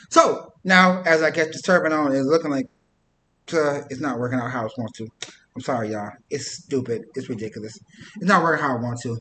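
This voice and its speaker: Rambling high-voiced man vlogging. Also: moderate pace, fairly bright tone, echoey room. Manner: rambling, self-interrupting. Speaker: YouTuber. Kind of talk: casual talk to camera.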